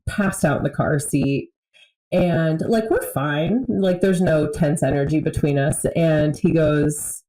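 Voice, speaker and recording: Woman, low and mellow voice, candid storyteller in casual podcast talk. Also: takes it slowly, echoey room, poor audio. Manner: candid storytelling, laughs often. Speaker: podcast conversation partner, mother.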